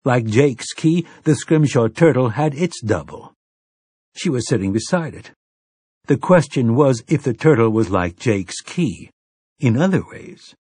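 A man narrating an audiobook in a measured, even storytelling manner. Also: medium pitch, slightly rough, no echo, studio quality. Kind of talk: scripted narration.

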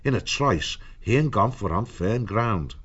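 A man reading an audiobook in a measured storytelling manner. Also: lowish voice, animated, a bit bright, breathy edge, highs cut off. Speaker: narrator. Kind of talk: audiobook narration.

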